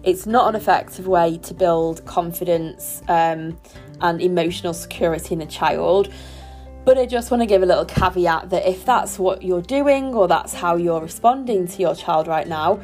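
A woman hosting a solo parenting podcast, talking in a gentle, reflective and reassuring way. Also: on the low side, normal speed, faint music behind. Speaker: podcast host.

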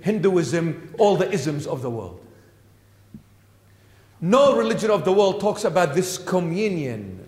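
A man preaching a sermon in an echoey church hall, his voice sitting high for a man. He is emphatic, repeats his phrases and throws rhetorical questions at the congregation. A long reverb trails each phrase. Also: sing-song, slow, darkish tone. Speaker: bishop preaching.

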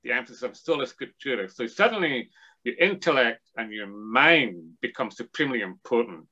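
Bright-voiced man explaining at length. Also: mid-range voice, animated, moderate pace, husky, dull audio. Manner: discursive, restarts often, lecturing tone. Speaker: interview guest. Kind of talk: thoughtful academic discussion.

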